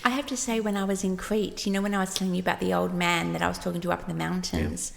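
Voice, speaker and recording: A woman's voice: fairly low pitch, little pitch movement, fast, vocal fry. A woman author, a guest on a podcast, speaking in a thoughtful, reflective way. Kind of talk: casual interview chat. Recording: long reverb.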